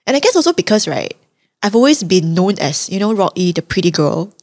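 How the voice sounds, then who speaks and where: A young woman guest on a podcast, telling her story in a candid, reflective, soft-spoken way. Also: fairly low pitch, big pitch swings, brisk. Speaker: guest, advocate. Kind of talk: interview storytelling.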